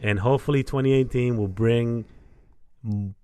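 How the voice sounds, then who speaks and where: A man's voice: mid-range voice, normal speed, warm tone, slight background noise. A young man co-hosting a podcast in loose, rambling casual chat, often repeating himself. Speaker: podcast co-host.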